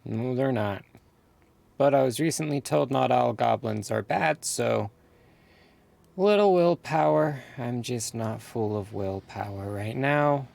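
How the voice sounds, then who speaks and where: A man playing a tabletop game who talks in character in a dry, weary, deadpan way. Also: mid-range voice, takes it slowly, vocal fry, no echo. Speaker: player.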